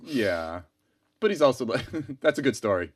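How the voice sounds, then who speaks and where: A man's voice: medium pitch, big pitch swings, normal speed, slightly rough, no room sound, studio quality. A man hosting an interview, reacting with short replies and jokes. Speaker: interview host. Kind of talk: casual chat.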